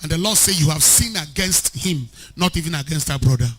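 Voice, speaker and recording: A man preaching an animated sermon as a pastor, rising to shouts at times. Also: fairly high pitch, a little fast, slightly rough. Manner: animated preaching, shouting at peaks, mixing in Pidgin.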